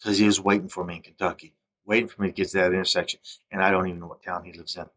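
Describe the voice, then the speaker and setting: A man with a very low, deep voice talks straight to camera in a long, rambling monologue. He sounds agitated and keeps restarting his sentences, and his voice swings from a low mutter up to loud bursts. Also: flat delivery, racing. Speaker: vlogger.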